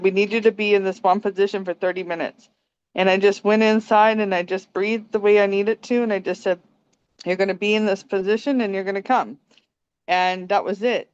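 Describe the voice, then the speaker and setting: A young woman calmly telling a personal story on a video call, gentle and laughing often. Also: medium pitch, smooth, no room sound, highs cut off. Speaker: meditation participant sharing a story. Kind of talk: casual spoken testimony on a video call. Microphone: phone camera on a video call.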